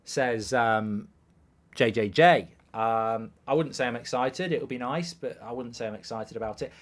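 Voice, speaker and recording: A man's voice: medium pitch, normal speed. A man hosting a live football watchalong, chatting crudely and jokingly, reading out viewer messages and scores.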